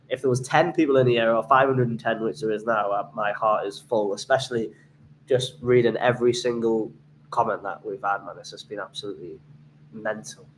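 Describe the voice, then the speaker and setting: A man's voice: fairly low pitch, slight background noise, low-quality recording. Enthusiastic young English man, chatty. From England. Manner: enthusiastic, many fillers and restarts, reads donations aloud. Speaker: travel vlogger hosting a livestream. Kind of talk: casual livestream chat.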